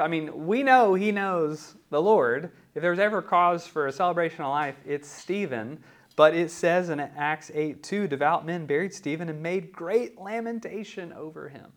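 Male pastor, higher-pitched, casual teaching sermon, filler-heavy, rhetorical asides. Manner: conversational, many ums and rhetorical "right?".

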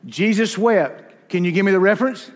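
A man's voice: high voice, moderate pace, in a large hall. A man preaching a sermon in a church, folksy and self-deprecating, telling stories with humor. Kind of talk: sermon with personal anecdotes.

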